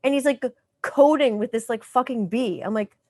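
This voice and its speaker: A woman in her thirties hosts a casual podcast chat with a fairly high voice. She talks in an animated rush of fillers and casual swearing. The sound is dry and close, with little room around it. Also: normal speed, no echo. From Canada. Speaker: podcast host.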